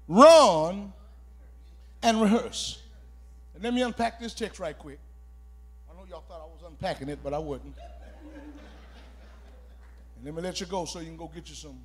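A pastor preaching a sermon, calling for responses and shouting key words as he repeats phrases. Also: high-pitched, lively intonation, measured pace, long pauses.

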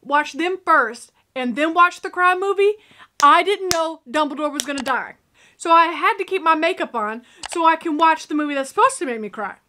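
A woman giving casual reaction commentary to a film, animated and exclaiming out loud. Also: high voice, moderate pace, slight background noise. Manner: animated, exclaiming and joking aloud. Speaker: reaction video host.

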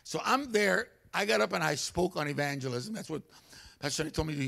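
A man preaching a humorous storytelling sermon in a church, animated and comic, acting out voices. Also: fairly high pitch, quick pace, creaky. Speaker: guest preacher. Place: church sanctuary.

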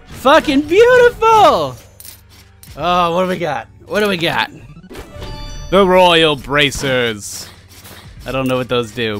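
In this let's play, a medium-pitched male host keeps up casual, excitable commentary on his gameplay. He curses frequently and gets loud whenever he finds loot.

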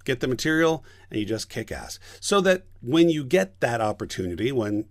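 A voice director spins a story from the booth in a relaxed podcast chat. His delivery is lively, and his pitch leaps as he acts out everyone in the tale. The sound is dry and close, with no room around it. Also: normal speed, dry recording. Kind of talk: casual storytelling interview.

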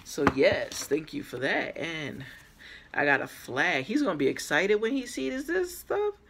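A woman's voice: low voice, animated, unhurried, creaky, a bit bright, slightly rough. A woman who is losing her voice, chatting casually with her viewers in an unboxing vlog, filmed on a camera on a small tripod. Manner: chatty, addresses viewers as guys. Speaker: vlogger.

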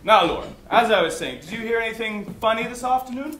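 Background noise accompanies a man with a high voice who speaks quickly as a bumbling, mock-grand police inspector in an amateur stage comedy. Lively and theatrical, he is recorded from far away in an echoey theatre hall.

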